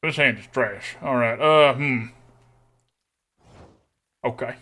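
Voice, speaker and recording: A man's voice: mid-range voice, takes it slowly, sharp tone. A young man streaming a card game, thinking aloud and humming to himself as he weighs each play. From Texas. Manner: thinks aloud, mutters and hums while weighing plays.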